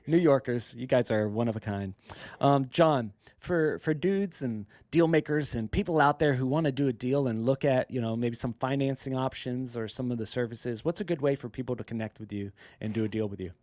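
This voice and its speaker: A man's voice: mid-range voice, darkish tone, no room sound. Male podcast host, 30s, from South Florida; upbeat, laughs easily. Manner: upbeat, laughs often, quick asides. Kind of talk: casual interview chat.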